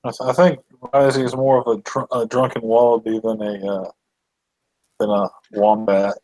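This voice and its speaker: A man's voice: mid-range voice, flat delivery, normal speed, darkish tone, no echo, rough recording. Playful man, dry close sound. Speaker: hangout participant. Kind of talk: casual chat on an online call.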